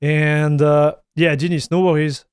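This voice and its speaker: A man's voice: a little high, little pitch movement, unhurried, clear, resonant tone, no room sound, clean studio sound. A man with a French accent, a native French speaker, chatting casually on a live stream, answering viewers and calling them dude and broski. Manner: chatty, reads viewer messages aloud, calls people dude and broski.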